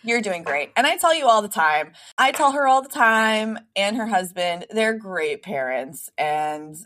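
A woman's voice: mid-range voice, animated, measured pace, a bit bright, a little hiss or hum. A woman co-hosting a casual podcast who talks bluntly, teases her co-host and laughs easily. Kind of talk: casual chat.

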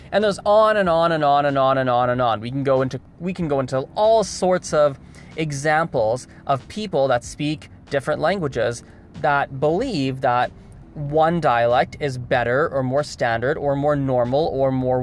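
A man's voice: mid-range voice, a little slow, a little hiss or hum. Male vlogger, casual monologue, emphatic with lots of restarts. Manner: emphatic, repeats words, restarts often. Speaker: video host.

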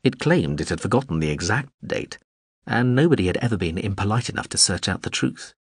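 A man narrating a novel as an audiobook in a measured, storytelling manner. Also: fairly low pitch, lively intonation, husky, no room sound, clean studio sound. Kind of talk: scripted narration.

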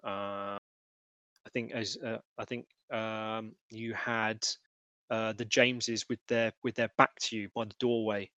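A man narrating as game master, halting with many fillers. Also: on the low side, little pitch movement, bright, forceful tone, dry recording, dull audio. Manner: hesitant, filler-heavy narration.

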